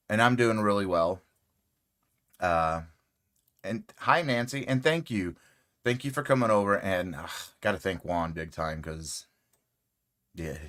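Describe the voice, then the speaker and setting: A man hosting a casual crochet livestream, rambling relaxed and friendly with many fillers and greeting viewers by name. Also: lowish voice.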